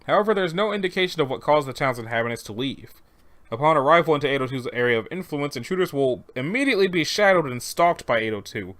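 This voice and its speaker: A man reading horror fiction aloud, deadpan, with sarcastic asides and quick self-corrections. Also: mid-range voice.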